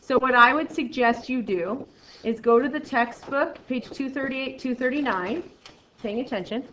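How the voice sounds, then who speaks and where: A playful woman math teacher talks her class through a lesson, chatty and joking, her voice jumping from loud to soft. The sound is echoey and a bit dull, as if caught in a classroom, with faint noise underneath. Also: fairly high pitch, fairly quick. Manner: chatty and playful, jokey asides, swings between loud and quiet. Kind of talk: classroom lesson, talking to students.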